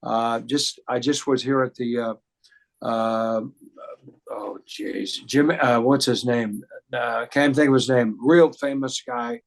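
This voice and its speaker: A man's voice: medium pitch, fairly even intonation, slow, vocal fry. Male entertainer, mid-range voice, loose rambling interview talk. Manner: rambling, many fillers and restarts. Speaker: guest singer and impressionist. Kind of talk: casual storytelling interview.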